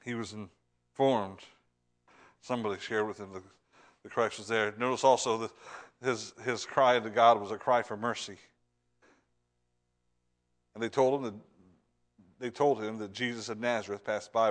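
A man preaching a sermon with fervor, repeating and restarting words, swinging between loud urgent lines and hushed ones. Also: fairly low pitch, fairly even intonation, moderate pace, pauses often.

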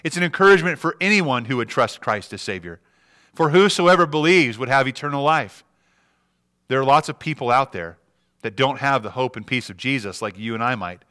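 A man's voice: medium pitch, bright, forceful tone. A middle-aged man preaching a sermon as a pastor, earnest, with frequent restarts and rhetorical questions.

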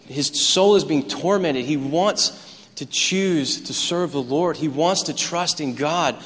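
Man, pastor, animated sermon, fairly high voice, long church reverb. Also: slow. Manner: animated, storytelling preacher who gets excited. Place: church sanctuary.

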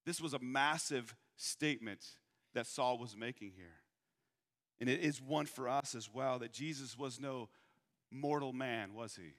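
A man from Michigan preaching a sermon, asking rhetorical questions and slowing down to repeat his key points. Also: medium pitch, a bit bright. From Michigan, USA. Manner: rhetorical questions, emphatic slowed repetition. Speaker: pastor. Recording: long hall reverb.

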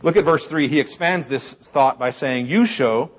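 A man's voice: medium pitch, moderate pace. A man preaching a sermon in a conversational, wry way with dry humor. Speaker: pastor.

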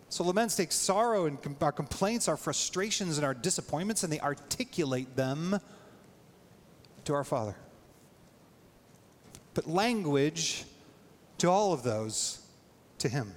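Male pastor, casual and animated sermon delivery, somewhat high voice, reverberant hall sound. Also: moderate pace. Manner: animated, voice jumps high when acting out prayers.

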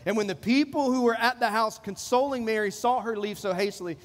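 A man's voice: high voice, a little fast, big-room sound. A man preaching a sermon as pastor, repeating phrases and acting out the people in the passage. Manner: preaching with repetition, acting out quoted voices.

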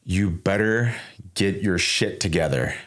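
A man voicing his stern father, who yells and scolds his grown son. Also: sits low, a little slow. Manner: yelling, scolding.

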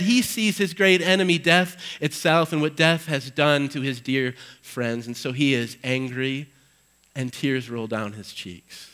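A male pastor giving an Easter sermon in a church, swinging between loud emphatic passages and hushed low ones as he reads scripture with dramatic weight. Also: steady tone, unhurried, smooth, poor audio.

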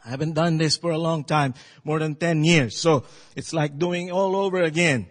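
A man preaching a sermon, telling a story with halting phrasing and calling for amens. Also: fairly high pitch, big-room sound, rough recording.

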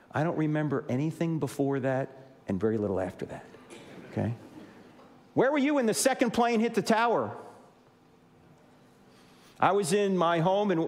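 Heard in a large hall, a man with a fairly high pitch, in his sixties and from New Jersey, presents humorous Christian apologetics to a live audience. He tells his stories animatedly, performing each line of dialogue.

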